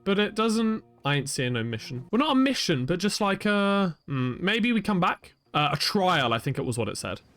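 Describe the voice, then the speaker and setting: Animated man streaming a game. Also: sits high, normal speed, few pauses, faint music behind. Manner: animated, chatty and self-mocking. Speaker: streamer playing a video game. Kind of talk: live gameplay commentary.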